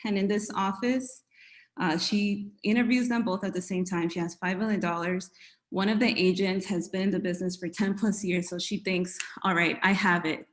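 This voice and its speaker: A woman's voice: medium pitch, steady tone, normal speed. A woman from New York, a realtor, giving a friendly conversational presentation, slightly out of breath. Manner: friendly, conversational, uses filler words. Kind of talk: webinar presentation.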